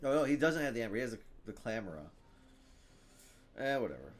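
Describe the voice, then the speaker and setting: A young man commenting on his own card game in a loose, casual way. His voice bounces around a lot, sliding from low muttering to sudden loud outbursts. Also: fast talker, long pauses. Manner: excitable, swings from mumbling to loud shouting. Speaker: game streamer.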